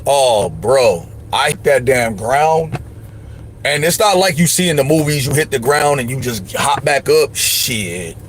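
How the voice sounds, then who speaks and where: Guy on a livestream giving advice, slangy and emphatic, regular mid pitch. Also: lively intonation, measured pace, a little hiss or hum. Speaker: livestream host. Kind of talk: casual livestream chat.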